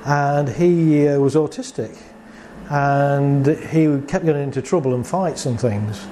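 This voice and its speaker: Man, warm storytelling therapist. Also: fairly high pitch, a little slow, slight background noise. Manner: storytelling, acts out dialogue, rhetorical questions. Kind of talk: conversational talk with client anecdotes.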